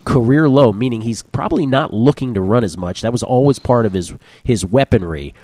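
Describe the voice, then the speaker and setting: A man with a mellow, dark voice hosts a sports betting show. He talks briskly and wryly, recorded close and dry with no room sound. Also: medium pitch, expressive, dry recording. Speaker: sports betting podcast host. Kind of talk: casual sports betting talk.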